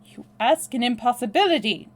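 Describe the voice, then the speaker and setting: A woman reading aloud, voicing a cowardly, scheming Russian man who turns shrill when threatened. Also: animated, brisk. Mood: fearful. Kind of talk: read-aloud novel dialogue.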